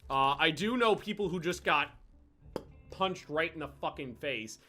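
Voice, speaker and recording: A man chats casually over gameplay and spins long, profane anecdotes. His voice sits slightly high and has a sharp, bright edge. Soft game music plays in the background. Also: a little slow. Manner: profane, animated, rambling anecdotes with restarts. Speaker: gaming channel host.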